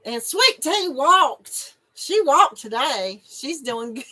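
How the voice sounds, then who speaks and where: A woman's voice: high-pitched, sing-song, slow, hardly any pauses, pushed and bright, poor audio. A middle-aged woman, hosting a casual live stream and chatting with viewers, giggly and emotional and laughing often. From North Carolina, USA.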